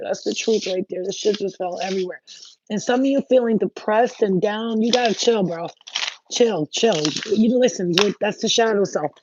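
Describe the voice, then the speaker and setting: A casual spiritual tarot reader talking frankly to viewers, swearing freely and pressing each point with emphasis. The voice sits in a middle pitch. The recording is muffled and lo-fi, like a simple home setup. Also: background noise. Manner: blunt, profane and emphatic; chatty, addresses viewers directly. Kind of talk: casual spiritual advice talk.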